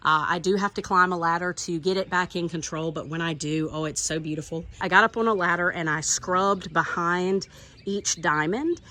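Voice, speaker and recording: A woman's voice: fairly low pitch, moderate pace, bright, forceful tone. A middle-aged woman with a Southern accent, chatting enthusiastically as she walks through her garden and shows off her plants. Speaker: garden vlogger. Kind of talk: casual garden tour narration. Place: outdoors in a home garden.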